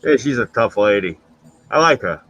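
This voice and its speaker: A man's voice: fairly low pitch, lively intonation, moderate pace, a bit bright, highs cut off. A man in casual chat, telling blunt, profane stories on a stream.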